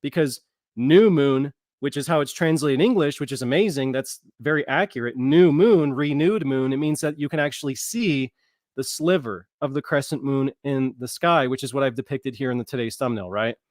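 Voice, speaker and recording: A man's voice: medium pitch, normal speed, a little mellow, no echo, studio quality. A man hosting his own channel, giving a casual live-streamed Bible lesson, talking informally and stopping to sound out Hebrew words. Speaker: channel host, Bible teacher.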